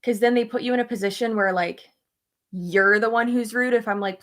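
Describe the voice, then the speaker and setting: A woman's voice: on the high side, fairly even intonation, a little fast, a bit bright. Rambling chatty young woman vlogger. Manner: rambling, heavy use of "like", laughs often, tells stories in quoted dialogue. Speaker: beauty vlogger. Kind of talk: casual chat while getting ready.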